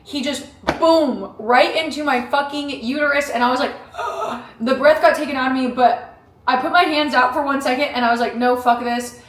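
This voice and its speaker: A young woman talking candidly to camera in a casual vlog, profane and animated. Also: high voice, brisk, a little hiss or hum. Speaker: vlogger training for a boxing match. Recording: echoey room.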